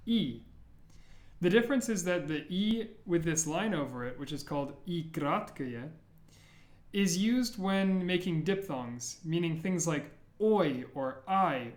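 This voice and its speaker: A man with a fairly high voice walks beginners through an alphabet, sounding out each letter slowly and saying it again. His voice carries the echo of a bare room. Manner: repeats sounds slowly and clearly. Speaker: language teacher. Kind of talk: slow, careful alphabet lesson.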